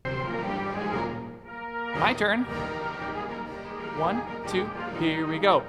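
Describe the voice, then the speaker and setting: A man's voice: a little high, lively intonation, extremely slow, long pauses. Male elementary music teacher, peppy, chants rhythms and counts in. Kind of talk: upbeat kids' music lesson.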